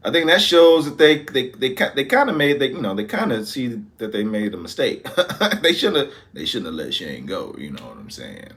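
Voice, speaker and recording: A man's voice: mid-range voice, big pitch swings, normal speed, a bit bright. A man hosting a reaction video, musing aloud in casual commentary, trailing off with lots of fillers.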